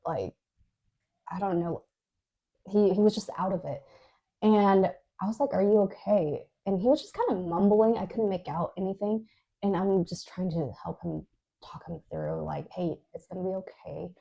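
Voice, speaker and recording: A woman's voice: mid-range voice, lively intonation, moderate pace, gravelly, lo-fi sound. A woman co-hosting a podcast, recounting a dream in a chatty, casual way with lots of fillers. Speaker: podcast co-host. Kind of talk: casual storytelling.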